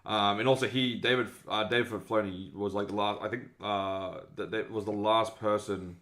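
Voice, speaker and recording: A man's voice: on the low side, fairly even intonation, normal speed, a bit bright. A man co-hosting a casual podcast chat, rambling with many restarts and repeated words. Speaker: podcast co-host.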